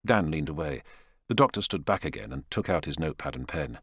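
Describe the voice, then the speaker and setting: A male audiobook narrator with a very deep voice, reading in a measured storytelling manner. His delivery is lively, rising and falling through the lines. The sound is close and dry, with no room around it. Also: no echo. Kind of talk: scripted narration.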